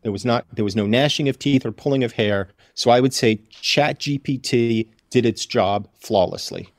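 A man playing along as a comedian guest on a puzzle show, wry and deadpan as he works out the answers aloud. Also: mid-range voice, moderate pace, dry recording, clean studio sound. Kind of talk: casual game banter.

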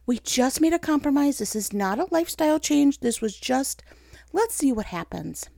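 A woman's voice: sits high, moderate pace, gravelly, dry recording. A woman hosting a casual faith-based chat, telling stories with animation and teasing herself as she goes. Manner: animated storytelling, acting out her own thoughts in voices; self-teasing and chatty.

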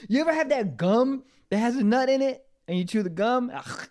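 A man laughing and reacting loudly in casual crude podcast banter. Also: very high voice, expressive, brisk.

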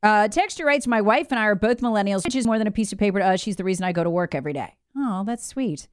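A woman's voice: mid-range voice, fast talker, clear, resonant tone, no room sound, studio quality. A woman hosting a talk show, delivering an emphatic, opinionated monologue and reading out listener comments. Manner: animated, conversational, emphatic.

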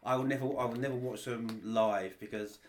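A man's voice: medium pitch, fairly even intonation, a little fast, a little hiss or hum. A middle-aged man, a podcast guest, talking in a blunt, wry way in casual chat.

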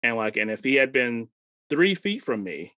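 Male comedy producer, mid-pitch, rambling storyteller who laughs a lot, close dry recording. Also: big pitch swings, normal speed, bright, forceful tone, no room sound. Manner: rambling, laughs often, acts out quoted dialogue. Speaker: comedy show producer and podcast co-host. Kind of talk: casual chat.

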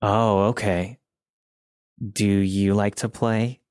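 A man doing a slow, slurred, creepy stranger. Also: fairly low pitch, smooth, dry recording, studio quality. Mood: soft creepy. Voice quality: slow slurred speech, childlike phrasing. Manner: eerily calm and unaffected.

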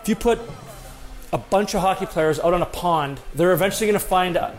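A man with a slightly high voice tells a story in a loose, rambling way. He pokes fun at himself, circles back, and fills gaps with "uh" and "you know." Soft music plays faintly behind him. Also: a little fast. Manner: rambling, self-deprecating, frequent fillers and restarts. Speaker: former pro hockey player telling a story. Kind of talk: casual anecdotal storytelling.

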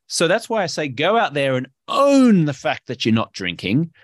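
A man with an Australian accent, speaking as a guest in an energetic, emphatic and playful interview. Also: fairly high pitch, normal speed, no room sound. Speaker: podcast guest, health coach.

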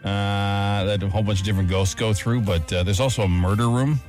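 A male radio host telling stories in casual banter, laughing often and jumping into a high register for emphasis. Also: fairly even intonation, a little fast, a little mellow, faint music behind. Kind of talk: casual morning show banter.

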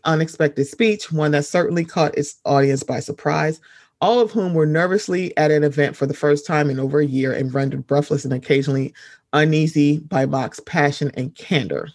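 A man's voice: on the high side, darkish tone, no room sound, studio quality. A man reading an article aloud and breaking off to add his own emphatic commentary.

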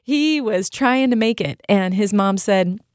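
A woman's voice: medium pitch, unhurried, clear, resonant tone, dry recording, clean studio sound. A woman co-hosting a faith podcast, teaching in an upbeat, emphatic way and telling stories as she goes. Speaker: podcast co-host.

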